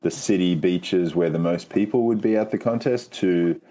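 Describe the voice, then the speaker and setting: A man's voice: deep voice, normal speed, warm tone. A middle-aged man from Australia with a mild Australian accent, talking easygoing and rambling as a guest from his home. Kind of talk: casual interview.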